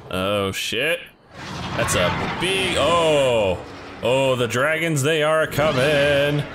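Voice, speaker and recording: A man hosting a let's play, chatting excitedly while he plays. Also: mid-range voice, drawn-out words, background noise. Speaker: gaming channel host. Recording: game music behind.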